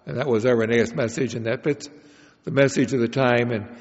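A man giving a prepared Bible lecture in a measured, explanatory way, with occasional restarts. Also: mid-range voice, steady tone. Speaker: Bible study speaker. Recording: dull lo-fi recording in a reverberant hall.

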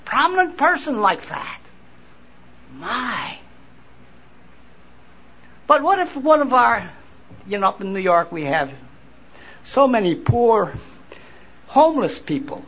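A man preaching a sermon at a convention, reading scripture and explaining it slowly, often repeating and restarting words. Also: sits high, very animated, a bit bright, highs cut off. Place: convention hall.

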